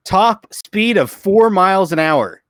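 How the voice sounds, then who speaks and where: A man's voice: sits high, lively intonation, takes it slowly, a bit bright, dry recording. A young man co-hosting a podcast, telling stories in casual chat with a joking manner and acted-out quotes. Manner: joking storyteller, acts out quotes. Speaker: podcast co-host.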